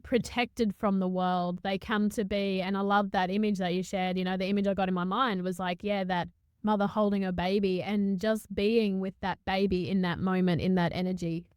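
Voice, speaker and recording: Smooth-voiced woman podcast host, reflective. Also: medium pitch, fairly even intonation, a little mellow, dry recording. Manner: halting, searching for words, lots of restarts; spiritual, reflective tone. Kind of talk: reflective conversational podcast talk.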